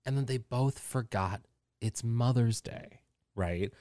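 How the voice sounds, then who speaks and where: A man's voice: mid-range voice, slow, dark tone, no echo, clean studio sound. A man co-hosting a podcast in playful, campy casual chat, with a cough from a cold. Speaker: podcast co-host.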